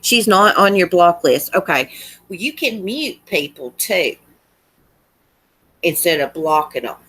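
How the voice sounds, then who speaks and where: A woman's voice: fairly low pitch, expressive, measured pace, fairly bright tone, husky. A woman with a Southern US accent, hosting a livestream in casual chat and answering comments in a chatty, countrified drawl. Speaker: livestream host.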